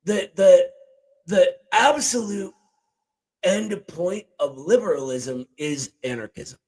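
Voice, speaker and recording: Male host, casual and emphatic, joking asides, talking into a desk boom mic. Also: takes it slowly, vocal fry, a little mellow, breathy edge, poor audio. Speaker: show host. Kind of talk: casual political chat. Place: home desk. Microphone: boom-arm desk mic.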